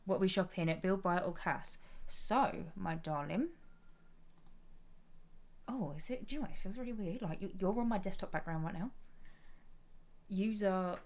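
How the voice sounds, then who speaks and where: At home at her gaming desk, a woman chats casually with her live stream viewers, greeting each of them as her darling in an affectionate, familiar way. Her voice is medium in pitch, animated, a little mellow, and moves at a normal speed.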